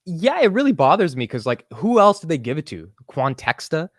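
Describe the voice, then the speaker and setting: A man hosting a casual investing interview, animated and quick to swear and laugh. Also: fairly high pitch, no room sound. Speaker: host.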